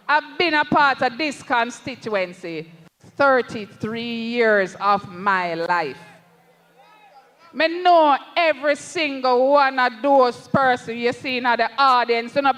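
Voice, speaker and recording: A high-pitched, bright Jamaican voice delivers a fervent campaign rally speech, unhurried and deliberate, dropping into patois as it rallies the comrades. The sound rings with a long reverb through the rally PA. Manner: impassioned, addresses the crowd as comrades, slips into patois. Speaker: political candidate at a rally.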